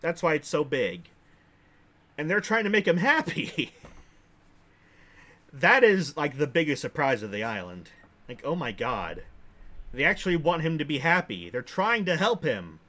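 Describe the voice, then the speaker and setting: A young man hosting casual game commentary, relaxed and amused, chuckling often. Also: on the high side, unhurried, long pauses. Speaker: host.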